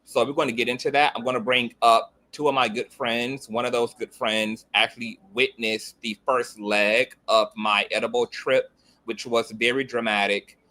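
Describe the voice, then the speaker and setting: A man's voice: medium pitch, steady tone, normal speed, bright, forceful tone. A man hosting a casual commentary livestream, sassy and flamboyant, tossing out "girl," "child" and "honey" as he talks.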